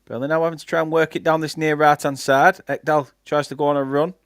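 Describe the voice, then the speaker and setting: With a slightly high voice and a fast, flat, smooth delivery, a young Lancashire-accented man from England hosts a live football watchalong. He does chatty play-by-play for his fan channel and reads viewer comments between the action. It's studio quality, with no echo.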